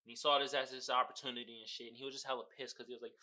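A man's voice: mid-range voice, level tone, racing, hardly any pauses, sharp tone. A man hosting a podcast, telling a story in a casual, profane, slangy way, often laughing and acting out the people he talks about. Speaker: podcast host. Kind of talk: casual comedic podcast monologue.

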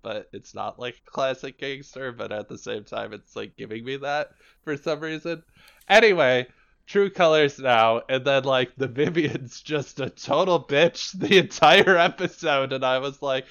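Smooth-voiced man chatting casually. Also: medium pitch, measured pace, muffled recording. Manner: chatty, filler-heavy, animated quoting. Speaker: podcast co-host. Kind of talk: casual chat.

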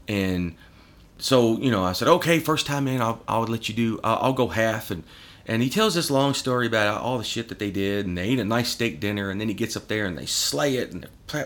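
Guy telling stories on a podcast, super animated, cussing, bright edgy voice. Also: medium pitch. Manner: animated storyteller, swears a lot, acts out quotes. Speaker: podcast guest. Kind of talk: casual chat.

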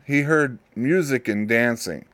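A man hosting a show who casually retells a Bible story, halting and repeating his words. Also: medium pitch, fairly bright tone, no room sound. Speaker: host.

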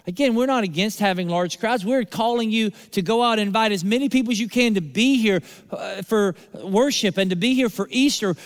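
A male pastor delivering a sermon, preaching with rhetorical repetition and emphatic pauses. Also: high voice. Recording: long hall reverb.

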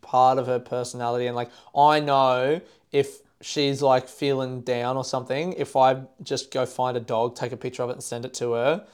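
A man's voice: medium pitch, normal speed, few pauses, clean tone. A young adult man, chatting casually on a podcast and telling stories with plenty of swearing. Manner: swears freely, animated storytelling. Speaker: comedian guest.

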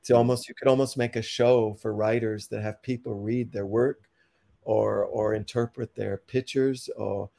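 A man's voice: on the low side, steady tone, normal speed, vocal fry, dark tone, no room sound. A man, a poet, reading his rhyming verse in a rhythmic, accented delivery, then chatting casually as a podcast guest.

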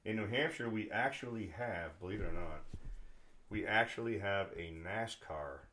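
Rambling New England man, lowish voice. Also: moderate pace, bright, forceful tone. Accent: New England, Boston area. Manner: rambling, chatty, many fillers and restarts. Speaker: podcast host. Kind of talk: casual chat.

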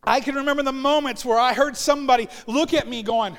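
A man's voice: very high voice, quick pace, hardly any pauses, in a large hall. A man preaching a sermon as pastor, telling personal stories and acting out the voices of people he quotes. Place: church sanctuary.

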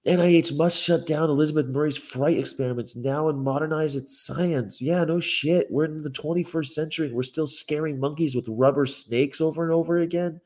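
A man's voice: fairly high pitch, fairly quick, few pauses. A man from the North of England, a vegan activist vlogger, reading news aloud and reacting with profane exasperation in a rented apartment room. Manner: profane, exasperated, swings between loud outbursts and muttering. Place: indoor rental apartment room with a window view.

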